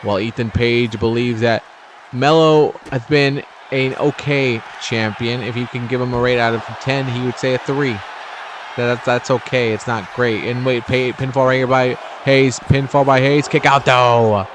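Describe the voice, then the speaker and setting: Excitable man calling wrestling play-by-play. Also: moderate pace, some chatter behind, slight background noise. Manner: chatty, excitable, jumps in pitch at big moves. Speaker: video game commentator. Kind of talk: casual play-by-play commentary.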